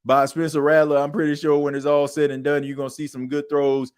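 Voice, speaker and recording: A man hosts a sports talk podcast. He rants in an emphatic, colloquial way, and his voice sits a little high for a man. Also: completely flat delivery, a little fast, darkish tone, clean tone. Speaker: podcast host. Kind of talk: animated sports talk monologue.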